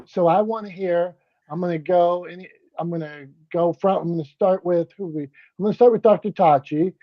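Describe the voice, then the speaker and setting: Co-hosting a casual group chat, a man with a high-pitched voice keeps things moving in an upbeat, playful way, quick to move on to the next thing. The recording is dry and slightly dull, with no echo.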